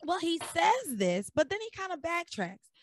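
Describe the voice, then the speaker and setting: A woman hosting a podcast, recapping episodes in a blunt, animated way with some swearing. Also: very high voice, moderate pace, a little hiss or hum. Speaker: podcast host. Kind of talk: casual recap chat.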